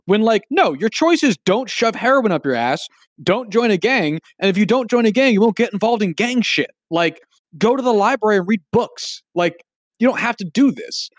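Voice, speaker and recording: A person co-hosting a casual film chat, talking in an animated, incredulous, profane way. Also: medium pitch, dry recording, studio quality.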